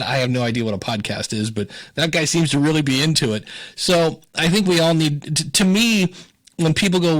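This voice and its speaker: A man's voice: fairly high pitch, fast. A man from Ohio, a podcast consultant, telling stories in a casual interview and acting out what people said. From Ohio, USA. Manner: animated storyteller, acts out quoted voices.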